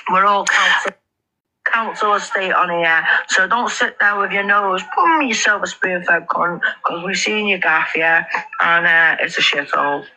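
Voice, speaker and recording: A woman's voice: medium pitch, a little slow, sharp tone, rough recording. A woman ranting aggressively at someone on a live stream, swearing and sneering, heard on a replayed clip. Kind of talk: heated confrontational rant. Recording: replayed clip with background noise.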